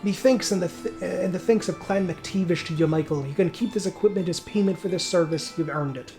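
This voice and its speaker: A man voicing a gruff male dwarf clansman in a put-on Scottish accent, booming and a little stumbling. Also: a little fast, music in the background. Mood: hearty.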